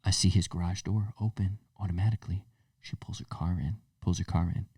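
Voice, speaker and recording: A young man co-hosting a casual podcast, animated and profane as he acts out the people in his stories. He sits a little away from the mic in a dry, dead room. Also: low voice, fairly quick, breathy edge, dry recording, distant mic. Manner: animated, swears freely, acts out quotes. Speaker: podcast co-host. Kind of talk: casual storytelling chat.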